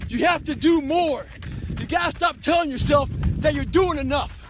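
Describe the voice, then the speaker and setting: A man's voice: very high voice, moderate pace, noisy background. A man giving a blunt, intense motivational talk, commanding and full of profanity. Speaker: motivational speaker.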